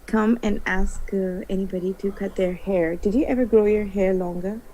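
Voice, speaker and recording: A woman's voice: medium pitch, fairly even intonation, normal speed, warm tone, slight background noise, poor audio. A woman co-hosting a live trading stream, chatting casually and laughing often. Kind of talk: casual group chat about trading.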